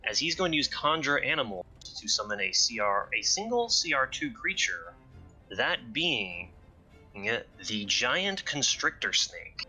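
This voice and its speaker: A man playing his character in a tabletop game, relaxed and thinking aloud with fillers. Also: medium pitch, unhurried, slightly rough, soft background music. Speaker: player.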